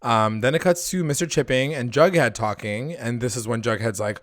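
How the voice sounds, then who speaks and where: A man co-hosting a podcast, recapping a TV episode in loose, profane casual chat, acting out the characters' lines in quick put-on voices. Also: medium pitch, a bit bright, no echo, clean studio sound. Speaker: podcast co-host.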